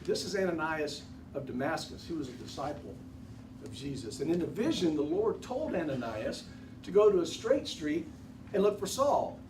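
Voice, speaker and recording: A man's voice: on the high side, big pitch swings, moderate pace. A man playing a candid, repentant first-century former persecutor in a conversational first-person monologue for a church class. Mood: earnest. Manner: conversational, addresses the audience directly, folksy asides. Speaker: actor portraying a biblical figure for a church class. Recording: roomy, distant recording with background noise.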